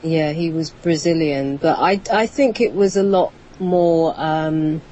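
A woman with a British accent, a guest calling in to a radio show, soft-spoken and a little hesitant. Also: deep voice, takes it slowly. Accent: British English. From England. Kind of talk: phone-in interview. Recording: dull lo-fi phone call.

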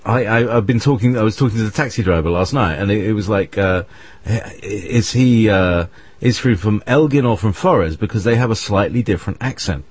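Deep husky british guy rambling along, dry close sound. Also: brisk, darkish tone, no echo. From Britain. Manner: rambling, hesitant, full of restarts. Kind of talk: casual conversation.

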